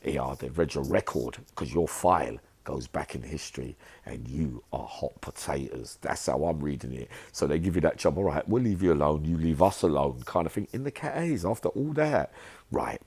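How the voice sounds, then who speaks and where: A man's voice: extremely low pitch, very animated, normal speed, gravelly, darkish tone, husky. A middle-aged man, telling prison stories in a streetwise, rambling monologue. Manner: streetwise, rambling, asks "right?". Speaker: vlogger recounting prison life. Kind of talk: storytelling monologue.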